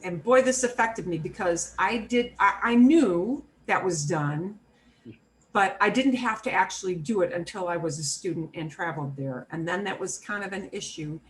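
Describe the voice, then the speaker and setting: A woman teaching a beginner Spanish class, modeling words slowly and repeating them for students. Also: lowish voice, poor audio. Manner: slow, clearly modeled pronunciation with repetition drills.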